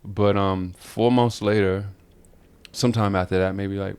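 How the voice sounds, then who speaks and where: A man co-hosting a podcast, chatting casually and telling an animated, rambling story with frequent laughter. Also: on the low side, a little slow, smooth. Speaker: podcast co-host. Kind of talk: casual chat.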